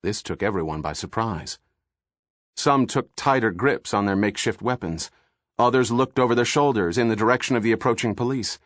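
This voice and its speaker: A man reading a thriller audiobook in steady, measured narration, recorded on a studio microphone. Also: on the low side, dry recording.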